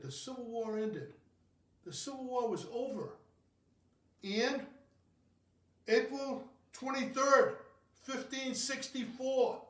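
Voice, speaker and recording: A man with a high, light voice rambles and jokes about himself while mixing a cocktail at home. He sits back from the microphone, so the kitchen's echo rings around his talk. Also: far from the mic. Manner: jokey, rambling, self-mocking. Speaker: cocktail show host. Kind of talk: casual home cocktail video. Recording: roomy, from off the mic.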